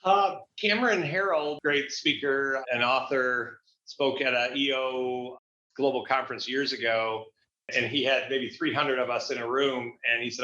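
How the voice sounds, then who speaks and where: Guy coaching folks on a podcast, bright punchy voice, kinda roomy echo, muffled sound. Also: medium pitch, fairly even intonation, measured pace. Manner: upbeat, motivational, restarts phrases. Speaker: guest business coach. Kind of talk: casual interview talk. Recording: echoey, dull lo-fi sound.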